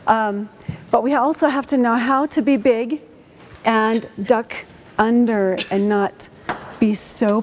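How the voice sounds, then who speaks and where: A woman coaching a student orchestra in a school auditorium, lively and encouraging, asking the players lots of questions. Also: on the high side. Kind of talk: rehearsal coaching.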